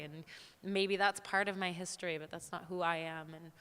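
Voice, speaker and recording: Bright, clear-voiced young woman in hall reverb. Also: fairly low pitch, normal speed, a little hiss or hum. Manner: lively, frank, self-deprecating. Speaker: actor on a panel. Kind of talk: candid storytelling on a panel. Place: theater hall at a live talk.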